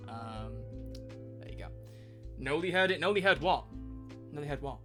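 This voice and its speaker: A man's voice: on the high side, a little fast, pushed and bright, soft background music. A young man streaming live, chatting casually and rambling as he answers questions from chat.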